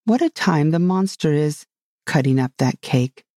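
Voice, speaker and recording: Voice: medium pitch, animated, a little slow, mellow, dry recording, studio quality, lightly acted. A narrator voicing a tired, sleepy male lion in a storybook reading, lazy and growling. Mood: weary.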